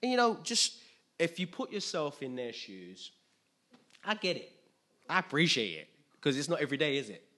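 A man preaching a sermon in an animated way, acting out scenes with sudden loud outbursts. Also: a little high, moderate pace, long pauses.

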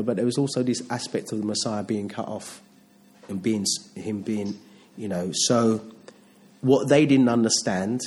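A man's voice: lowish voice, a little mellow. Conversational man preaching a Bible sermon. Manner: conversational, with many restarts and rhetorical questions.

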